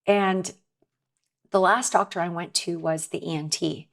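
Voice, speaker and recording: A woman's voice: fairly low pitch, fairly even intonation, unhurried, vocal fry. A woman guest in a conversation, telling her personal story in an earnest, emotional way, often restarting her sentences. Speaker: podcast guest.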